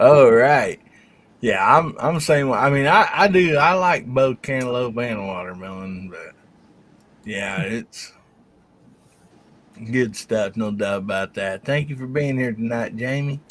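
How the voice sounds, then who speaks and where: A man's voice: medium pitch, unhurried. A man hosting a casual livestream chat, introducing each guest in a folksy way. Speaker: host.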